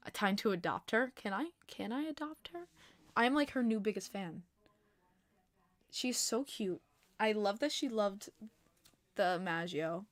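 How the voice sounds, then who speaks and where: A young woman hosting a casual hockey podcast livestream, chatty and full of "like", breaking into loud disbelief at times, on a desk mic at home. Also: mid-range voice, expressive, unhurried, pauses often, no echo. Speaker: podcast host. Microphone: desk mic, adjusting gain.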